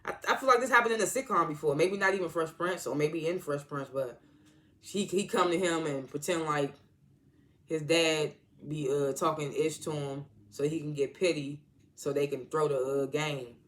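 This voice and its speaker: A man's voice: fairly high pitch, normal speed, a bit bright. A man casually recapping a TV episode in a rambling, slangy way, full of "like" and restarts. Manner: rambling, heavy use of "like", restarts; slangy, informal grammar. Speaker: TV episode reviewer.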